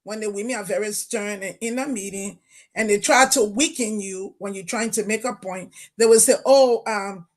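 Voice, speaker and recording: A woman from Liberia talks over a video call in a relaxed group discussion. She is emphatic and stern. She drives her points home and recounts her own conversations. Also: medium pitch. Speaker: panel guest.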